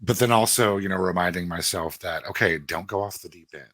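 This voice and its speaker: A man's voice: sits low, brisk, a bit bright, no echo. A man co-hosting a podcast in casual chat, blunt and joking, swearing freely. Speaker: podcast co-host.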